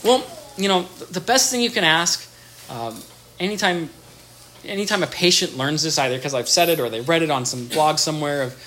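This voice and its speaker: A therapist talks through everyday advice in a casual, animated way, with pitch that swings widely. Bits of imagined dialogue get acted out in different voices, and words often get repeated or restarted. Faint noise sits under the recording. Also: brisk. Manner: animated, acts out little dialogues in changing voices.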